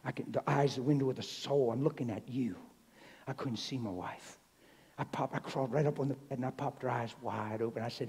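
Middle-aged male preacher, dark husky voice, goes from hushed to loud, big hall reverb. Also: medium pitch, brisk. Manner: swings from hushed near-whisper to loud exclaiming. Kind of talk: sermon. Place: church hall.

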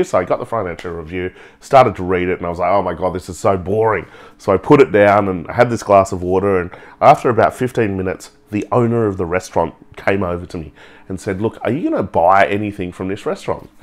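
A man, telling a personal story in a lively way and acting out the people in it. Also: sits low. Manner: animated, acts out the people in his story with laughs. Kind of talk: storytelling talk.

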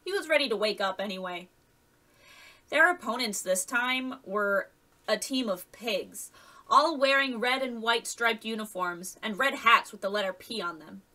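A woman reading a chapter of a children's fantasy novel aloud, lively, with the characters voiced. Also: a little high, measured pace, distant mic, poor audio. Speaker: audiobook reader. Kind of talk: scripted narration.

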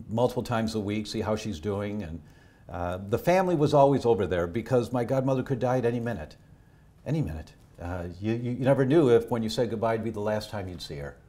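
Earnest storytelling male doctor, low voice. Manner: earnest, swings from animated to hushed when telling family stories. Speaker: doctor and health educator. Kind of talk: emotional personal storytelling in a podcast interview.

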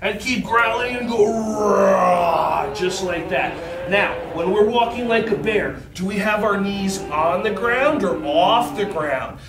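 A man leading a group of children through an animal movement warm-up, animated and encouraging, with playful sound effects. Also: high voice, a little slow, very noisy. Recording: roomy sound from a distance with faint ambience.

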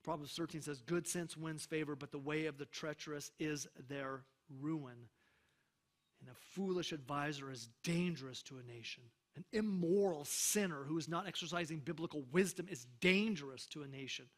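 Guy pastor, pretty high voice, emphatic sermon, keeps asking the congregation okay. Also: normal speed.

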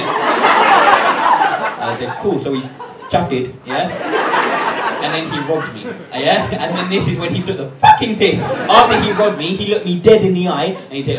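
A man's voice: high voice, very animated, recorded from a distance, very noisy. A young man from London performing a brash, cheeky stand-up set on a club stage with a handheld microphone. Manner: cheeky, brash, rapid asides. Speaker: stand-up comedian. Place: comedy club stage in front of a crowd. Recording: echoey club, mic heard from afar, loud crowd. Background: loud audience laughter.

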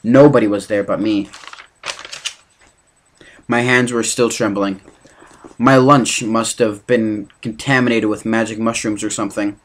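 A man reading a novel aloud as an amateur, halting now and then with slips and restarts. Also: fairly low pitch, steady tone. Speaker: reader.

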